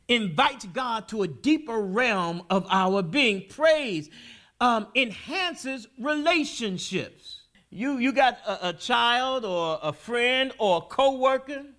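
A man preaching a sermon as pastor in a church, building to loud, shouted peaks. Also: very high-pitched. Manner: preaching with rising, shouted peaks and call-and-response. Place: church sanctuary.

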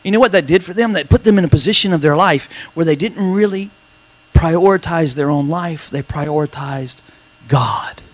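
A male pastor preaching a lively sermon with call-and-response asides and dramatic shouted peaks in a church. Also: a little high, moderate pace.

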